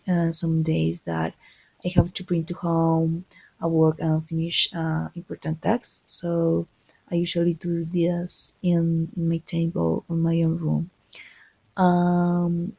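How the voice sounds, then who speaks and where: Gravelly, hesitant woman student, lo-fi. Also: on the low side, dark tone, no echo. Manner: hesitant, many fillers. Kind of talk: practice exam answer. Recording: dull, lo-fi.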